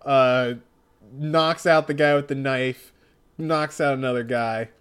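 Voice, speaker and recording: A man's voice: mid-range voice, steady tone, slow, fairly bright tone, clean tone. A man co-hosting a casual comic read-through, narrating with wry, laughing commentary. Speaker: podcast co-host.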